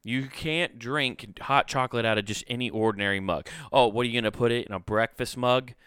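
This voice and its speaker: A man's voice: mid-range voice, a little fast, a bit bright, smooth, no echo. Man, podcast host, casual rant, swears a lot, laughs at himself, dry close sound. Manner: rambling, profane, self-mocking, laughs often.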